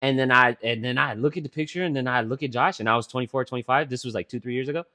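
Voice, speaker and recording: Racing along at medium pitch, this podcast co-host in his twenties tells rambling stories laced with profanity. The casual chat is animated and thick with fillers.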